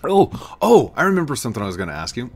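A man's voice: medium pitch, huge pitch swings, fairly quick, gravelly. A young man hosting a gaming video in playful, giggly casual chat. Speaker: gaming channel host.

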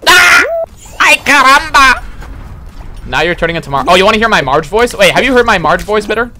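A man streaming a platform game, talking casually in an excitable, boastful way with sudden yelps. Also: sits high, racing, faint music behind. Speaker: livestreamer. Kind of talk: casual gaming commentary.

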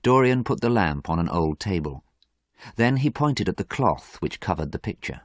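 A man narrating a graded story in a steady, clear storytelling manner. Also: sits low, normal speed, no room sound.

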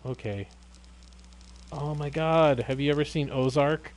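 A man's voice: on the high side, fairly even intonation, unhurried, a little hiss or hum. A man casually commenting on his own gameplay, rambling and cracking jokes to himself as he plays. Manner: joking, rambling, talks to himself while playing. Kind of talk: casual let's-play commentary.

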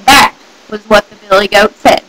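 A woman's voice: medium pitch, normal speed, background noise. A young woman, a student, reading a fairy tale aloud with careful storybook delivery. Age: young adult. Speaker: student reader.

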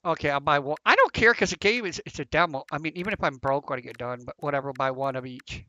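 A man's voice: a little high, animated, quick pace, bright, forceful tone. A man giving casual, flustered commentary while playing a game, thinking aloud as he goes. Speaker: gameplay commentator. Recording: dull, lo-fi, dry sound.

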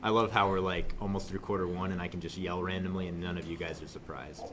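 A young man teaching a math class, joking with students and suddenly yelling for effect, recorded in a classroom. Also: low-pitched, fast talker, noisy background. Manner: joking, animated, shouts suddenly. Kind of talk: classroom lesson.

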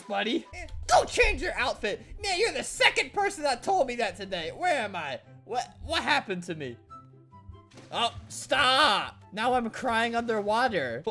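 A man's voice: extremely high pitch, pushed and bright. A man giving joking gameplay commentary, playing at being sad and sarcastic and often breaking into laughter. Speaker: gaming commentator.

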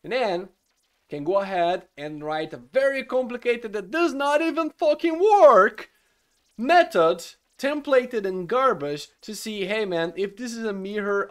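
A man, a solo game engine developer, ranting in exasperation about his code, swearing and bursting out loudly. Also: high voice, clean tone. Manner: exasperated and swearing, loud outbursts. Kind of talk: frustrated coding rant.

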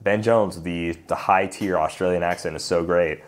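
Low-voiced easygoing man chatting. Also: fairly even intonation, normal speed. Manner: easygoing, agreeable, jokey. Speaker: podcast co-host. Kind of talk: casual chat.

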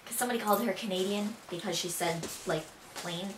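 A woman's voice: medium pitch, racing, background noise. A woman from Buffalo with a Buffalo accent, chatting casually and giggling often as she shows off regional words. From Buffalo, New York. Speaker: vlogger. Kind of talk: casual chat. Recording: roomy echo, mic far off.

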